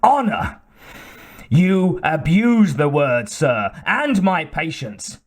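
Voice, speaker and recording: Male reader as shrill old king, shaky voice, high-pitched and drawn out, audiobook. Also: big pitch swings, slow pace, full character voice. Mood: outraged. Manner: shrill, shaking outbursts.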